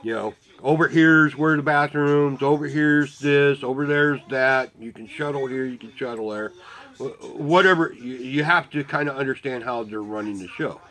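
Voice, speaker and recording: A man's voice: medium pitch, moderate pace, fairly bright tone. A man in a casual storytelling mood, his talk packed with swearing and loose asides. He keeps slipping into quoted back-and-forth dialogue while recounting events. His voice sits in an ordinary middle register. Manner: profane, rambling, swears constantly; quotes himself and others in dialogue. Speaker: volunteer telling a story.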